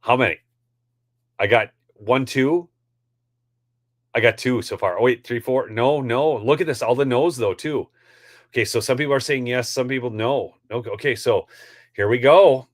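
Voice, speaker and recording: A male host delivering live political commentary in a heated, ranty way, talking straight to his viewers. His voice is mid-pitched and the sound is dry and close, with no room around it. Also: normal speed, long pauses, no echo. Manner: ranty, heated, addresses audience as folks.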